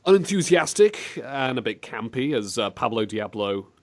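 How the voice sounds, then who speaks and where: A British man hosting a comedic chat show, animated and sarcastic. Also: mid-range voice. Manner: animated, sarcastic, quick jokes. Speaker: host.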